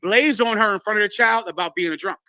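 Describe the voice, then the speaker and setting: High, bright-voiced man teaching emphatically. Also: quick pace, dry recording. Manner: emphatic, blunt, preachy. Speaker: teacher leading a congregation class. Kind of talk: sermon-style teaching.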